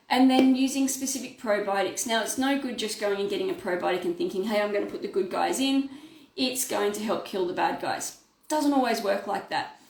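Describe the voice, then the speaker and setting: A woman, explaining health advice as a naturopath in an unscripted talk with frequent fillers. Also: medium pitch. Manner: explanatory, many fillers and restarts. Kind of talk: educational health talk to camera. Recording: roomy echo.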